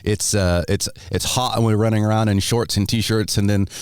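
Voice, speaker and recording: A man's voice: lowish voice, steady tone, normal speed, clean tone, dry recording, studio quality. An American man hosting a podcast in casual chat, laughing often and restarting his sentences. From United States. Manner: chatty, laughs often, many fillers and restarts. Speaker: podcast host.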